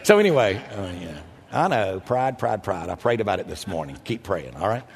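An older man preaching a storytelling sermon, animated and self-mocking, with a husky voice. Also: moderate pace. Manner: animated, self-mocking, jumps into loud high quoted voices. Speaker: pastor. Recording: echoey hall.

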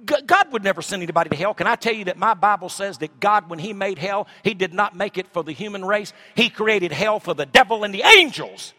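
Middle-aged man, pastor mid-sermon, bright ringing tone, big dynamic swings. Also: high-pitched, animated, a little fast, few pauses. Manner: swings from shouting to hushed asides.

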